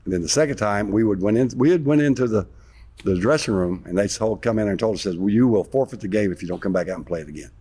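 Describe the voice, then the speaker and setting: A man being interviewed, retelling an old story in a rambling, animated way with some sarcasm. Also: lowish voice, fast talker, breathy edge. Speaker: interview guest, former basketball player.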